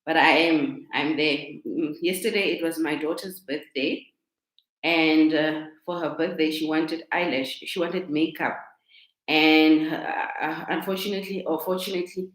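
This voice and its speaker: A woman's voice: sits low, fairly even intonation, unhurried. A chatty woman with a South African accent, hosting a casual live stream as a coach and talking into a laptop microphone. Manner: chatty, repeats herself, greets viewers warmly. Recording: echoey room.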